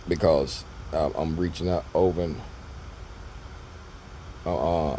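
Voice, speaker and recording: Trading teacher, male, deep and warm tone, loose repetitive delivery. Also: steady tone, unhurried, long pauses, a little hiss or hum. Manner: loose and rambling, repeats himself, talks to viewers directly. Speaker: trading educator. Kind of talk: casual screen-share trading lesson.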